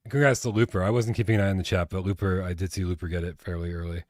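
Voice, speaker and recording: A man with a low voice co-hosts a casual live gaming stream, rambling along, swearing freely and reading out viewer comments. The sound is close and dry, with no room around it. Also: steady tone, rapid-fire, a little mellow, dry recording. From Boston area. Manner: rambling, swears, reads chat aloud. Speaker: podcast co-host.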